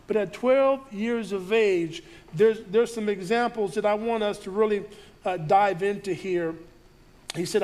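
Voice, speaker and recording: A man preaching to his congregation, reading scripture aloud and riffing on it with frequent restarts. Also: sits high. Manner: reads scripture aloud and riffs on it, with many restarts. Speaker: pastor. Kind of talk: sermon.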